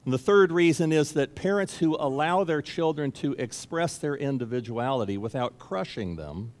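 Preaching as a pastor, this man speaks emphatically and repeats key phrases to drive them home. His voice is slightly high and darkish, his intonation lively, his pace normal, all carried by the long reverb of a large hall.

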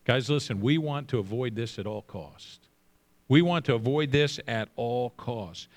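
A middle-aged male pastor delivers a sermon with emphasis, slowing down and repeating phrases, and lowers his voice when reading scripture. Slight background noise can be heard.

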